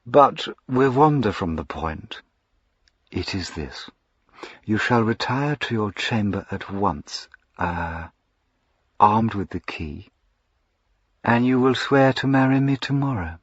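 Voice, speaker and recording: A man voicing a sinister, predatory aristocratic duke who speaks in a soft, purring, imperturbable way, dropping at times to a whisper. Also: fairly low pitch, lively intonation, takes it slowly, long pauses, husky, no echo, voice pushed up, full character voice. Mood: menacing. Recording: dull lo-fi recording.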